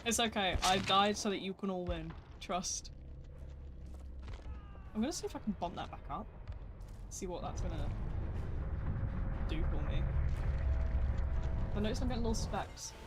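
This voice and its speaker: A game streamer rambles through casual live gameplay commentary, poking fun at himself while playing and talking to the chat. The voice is medium-pitched at a moderate pace, with long pauses and background noise.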